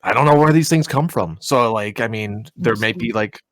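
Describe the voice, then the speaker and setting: A man's voice: lowish voice, moderate pace, fairly bright tone, dry recording. A man, casually telling a long story on a podcast, rambling with lots of "like" and "you know.". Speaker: podcast co-host.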